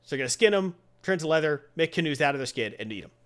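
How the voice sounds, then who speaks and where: A man chats his way through a comic book review, with a lively voice that rises and falls a lot. He rambles, doubles back and acts out characters when he tells a joke. His voice sits a little high for a man. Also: racing. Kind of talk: casual review chat.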